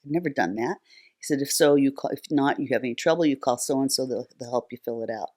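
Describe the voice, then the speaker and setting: A rumbling low, dark-toned female voice comes from an older woman talking quickly as a guest on a talk show. The nonprofit founder tells long stories conversationally, with plenty of fillers and restarts.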